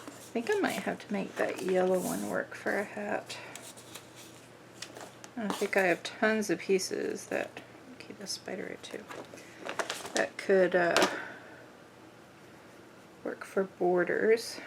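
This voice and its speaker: Slow, gravelly-voiced woman chatting while crafting. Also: mid-range voice, steady tone, background noise. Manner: rambling, many "like" fillers. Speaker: craft vlogger. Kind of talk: casual chat while crafting.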